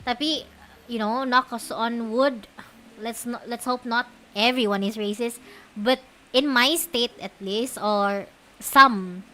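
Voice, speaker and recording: A woman's voice: on the high side, bright, forceful tone, slight background noise. Giggly young woman with a Malaysian accent. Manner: giggly, rambling, chatty. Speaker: streamer. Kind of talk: casual chat stream.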